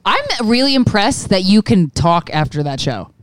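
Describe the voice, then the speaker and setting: A woman's voice: medium pitch, sing-song, normal speed, dry recording. A woman co-hosting a podcast in casual chat backstage, playful and crude. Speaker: podcast co-host. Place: backstage at a concert venue.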